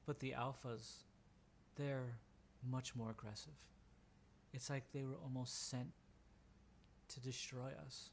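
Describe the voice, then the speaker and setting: A man narrating a tabletop game as game master, stopping and restarting his sentences. His voice is mid-pitched and flat in contour. A faint hiss runs behind him. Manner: halting, restarts often.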